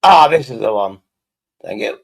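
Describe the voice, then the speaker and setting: A man's voice: mid-range voice, sing-song, normal speed, creaky. A man streaming live, chatting casually and thinking aloud while he works, swearing freely.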